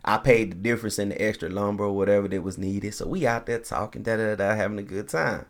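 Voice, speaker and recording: A man hosting a podcast, telling a long story in a relaxed, animated way, acting out the people he quotes and laughing often. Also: on the low side, fast. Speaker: podcast host. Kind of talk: casual storytelling.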